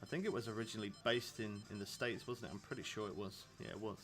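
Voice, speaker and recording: A man's voice: on the low side, steady tone, fast talker, fairly bright tone, faint music behind. Chatty man streaming. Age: 30s. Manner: rambling, chatty, laughs often. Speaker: game streamer. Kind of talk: casual live-stream chat.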